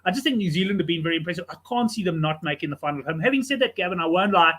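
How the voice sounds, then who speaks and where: A man hosting a sports betting show, chatting casually and telling stories in an animated way. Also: sits high, rapid-fire. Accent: South African English.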